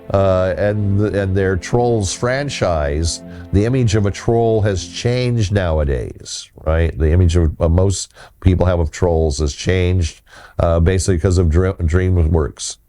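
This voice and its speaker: A man with a low, mellow voice gives a casual folklore talk. He rambles and often restarts his sentences. Faint music plays behind him. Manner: rambling, halting, with many restarts. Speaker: host.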